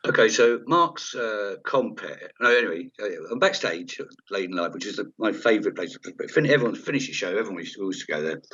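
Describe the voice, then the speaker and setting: A comedian telling stage anecdotes in a chat interview, rambling and lively, acting out the voices of people in the story. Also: male voice, lowish voice, fast, hardly any pauses, slightly rough. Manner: rambling, animated, acts out quoted voices. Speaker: comedian guest. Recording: dull lo-fi audio.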